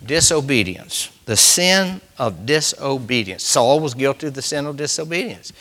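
A man preaching a sermon in a conversational way, repeating key phrases and slowing down to stress them. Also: mid-range voice, animated, bright, forceful tone.

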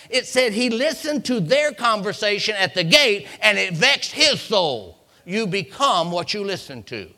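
A man preaching a sermon in a dramatic style, repeating phrases and swinging from loud to hushed. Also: high voice.

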